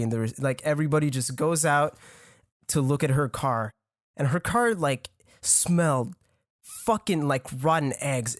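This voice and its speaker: In a studio-quality recording with no echo, a young podcast guest in his twenties speaks in a voice on the high side. A native French speaker with a French accent, he rambles through a profane story in casual conversation, with frequent laughs.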